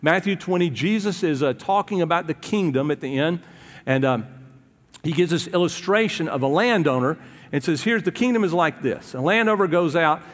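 A man's voice: on the high side, lively intonation, normal speed, big-room sound. A man preaching a sermon, retelling a Bible story in a loose, conversational way with fillers and voiced quotes. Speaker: pastor.

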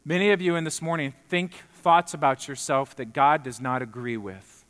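Pastor preaching a sermon, earnest and emphatic, slightly high voice, long hall reverb. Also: male voice, normal speed, fairly bright tone, clear, resonant tone. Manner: earnest, building to emphatic peaks.

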